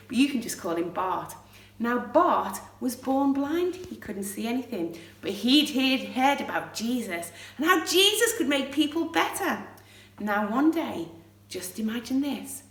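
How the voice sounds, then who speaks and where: High bright woman telling a children's story. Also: a little slow. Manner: animated, questioning the children. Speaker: children's church leader. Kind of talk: Bible story for pre-schoolers. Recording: roomy echo, distant mic.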